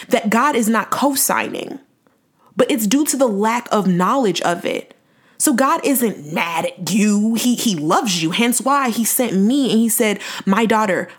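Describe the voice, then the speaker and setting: Earnest young woman preaching on her podcast. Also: medium pitch. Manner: earnest, preachy, emphatic with dramatic slow-downs. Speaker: podcast host. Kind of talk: faith-based podcast monologue.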